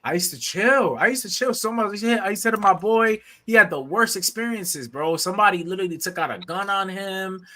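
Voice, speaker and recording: A man's voice: sits high, a little fast, hardly any pauses. A man telling funny stories in casual chat, laughing and acting out the people he quotes. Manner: animated, laughing, slips into quoted voices.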